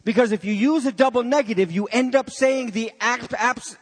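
A man preaching with a high, lively voice, mixing jokes into his sermon. His voice carries a long hall reverb, as from a church sanctuary. He works to keep the congregation following along. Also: normal speed. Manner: animated, jokey preacher. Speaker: pastor.

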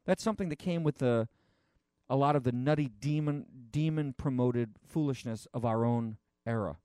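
A man preaching a conversational sermon, rambling and animated, with frequent restarts and fillers. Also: mid-range voice, moderate pace, clear, resonant tone, dry recording, studio quality.

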